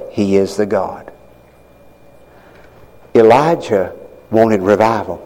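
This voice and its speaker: A man preaching a sermon in a church, swinging from hushed low lines to loud, high-pitched outbursts as he retells a story. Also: long reverb tail, low-quality recording. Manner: dramatic swings from hushed to shouting. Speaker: pastor.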